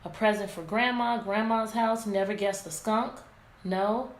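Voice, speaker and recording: A woman teacher reading a picture book aloud to her class, animated and asking many questions. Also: medium pitch, unhurried. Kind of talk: interactive read-aloud lesson. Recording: echoey room, faint background noise.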